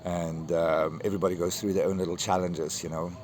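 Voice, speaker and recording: Male vlogger with a lowish voice, rambling and emotional, casual talk over faint traffic noise. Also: level tone, a little fast, a little mellow.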